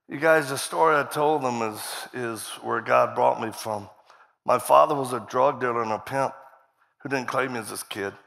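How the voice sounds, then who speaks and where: Man, middle-aged, guest preacher, lively storyteller, bright voice, long hall reverb. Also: medium pitch, normal speed, vocal fry. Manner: animated storyteller acting out dialogue, laughing often. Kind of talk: storytelling sermon.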